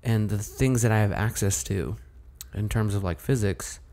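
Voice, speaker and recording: A man's voice: lowish voice, moderate pace, gravelly, warm tone. A man co-hosting a podcast, chatting casually with blunt opinions and jokes. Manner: opinionated, joking. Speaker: podcast co-host. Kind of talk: casual chat.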